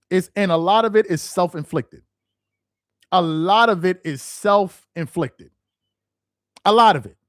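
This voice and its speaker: Worked-up guy going off about basketball fans, high voice jumping all over, dead dry room, aave slang. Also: no room sound. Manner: heated, mocking, repetitive rhetorical questions. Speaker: sports commentary host. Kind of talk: casual ranting commentary.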